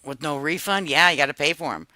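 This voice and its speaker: A woman's voice: low voice, fast talker, pushed and bright, no echo, low-quality recording. A woman in her fifties chatting casually on a livestream, telling family stories with a lot of cursing and laughter. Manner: profane, laughing storyteller. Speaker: livestream host.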